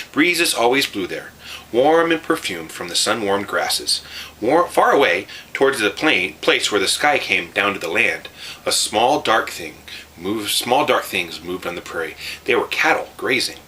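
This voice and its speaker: A man reading a children's book aloud with lively expression, pausing to show the pictures. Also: on the low side, slight background noise, low-quality recording. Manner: expressive, showing pictures as he reads.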